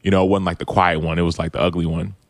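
Speaking rapid-fire in a low voice with little pitch movement and some vocal fry, a thirtysomething ex-football player on a podcast reflects on a personal story. He's earnest and open, restarting frequently as he retells quotes. The sound is clean studio audio with no echo.

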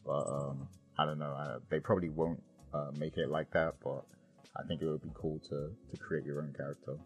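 A man's voice: a bass voice, level tone, a little fast, gravelly, soft background music. A man co-hosting a casual podcast, rambling with many ums and you-knows. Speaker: podcast co-host.

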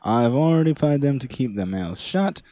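A man's voice: medium pitch, expressive, normal speed, dark tone, dry recording, studio quality. A young man co-hosting a comedy podcast, talking in a casual, swearing, laughing riff. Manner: laughing, swearing, riffing with bits of put-on voices. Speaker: podcast co-host. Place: small room at a podcast mic. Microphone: podcast microphone.

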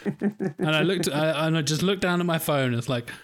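A man co-hosting a film podcast, swearing and laughing through animated retellings. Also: on the high side, moderate pace. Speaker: podcast co-host. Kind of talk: casual film-review banter.

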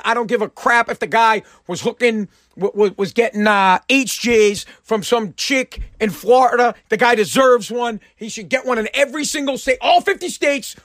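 A man rants to the camera in a fired-up, crude torrent, stumbling and restarting as he pushes on. His voice sits high. The sound is dry and close, with no room around it. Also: fairly bright tone, no echo. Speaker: vlogger. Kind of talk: profane opinion rant to camera.

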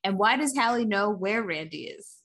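A woman co-hosting a casual film discussion, thoughtful and quick to laugh. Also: mid-range voice, animated, a bit bright. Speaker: podcast co-host.

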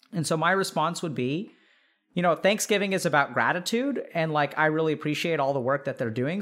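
A man with a notably high voice hosts an advice podcast in a casual, off-the-cuff monologue. He talks animatedly, leans on "like" and "right?", and keeps breaking into quick impressions of the people he describes. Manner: animated, acts out imagined family members mid-sentence; frequent fillers "like" and "right?". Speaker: podcast host giving advice.

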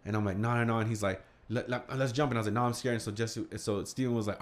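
A man's voice: on the low side, fast, hardly any pauses. Young man telling a wild story. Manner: animated, swearing, acts out quotes. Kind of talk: casual storytelling among friends.

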